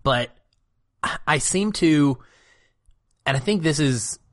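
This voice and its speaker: A man's voice: a little high, animated, slow pace, dry recording. A man co-hosting a film podcast, talking through his reactions in a casual, reflective way. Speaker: podcast co-host.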